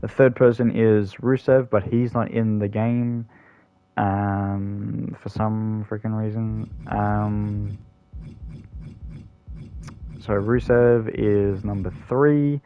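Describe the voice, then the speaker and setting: A man's voice: lowish voice, fairly even intonation, takes it slowly, clean tone, dry recording, lo-fi sound. A man hosting a gaming channel, giving rambling, casual commentary full of ums and self-corrections.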